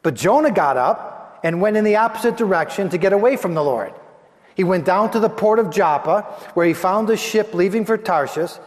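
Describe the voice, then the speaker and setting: A male pastor with a fairly high voice preaches a sermon, retelling scripture in a conversational, emphatic way. His voice rings with a long reverb in a church sanctuary. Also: animated, fairly quick.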